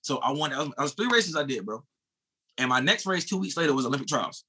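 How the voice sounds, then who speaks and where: American guy in his 30s, ex-sprinter, talks quick with a husky edge, loose and animated. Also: a little high. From United States. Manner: animated, swears casually, calls the host bro. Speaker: guest, former sprinter. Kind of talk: casual storytelling.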